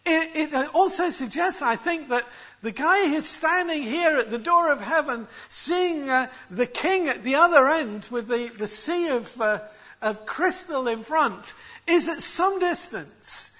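A man preaching with a very high, bright and forceful voice. He explains his text emphatically and often restarts words mid-phrase. The recording sounds a little dull and lo-fi. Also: expressive, unhurried. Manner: expository, emphatic, with frequent restarts. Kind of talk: sermon.

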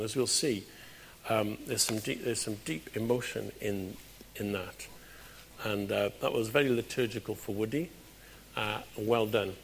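A British man preaching a conversational sermon in a church, with sudden loud, emphatic bursts. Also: mid-range voice, breathy edge. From Britain.

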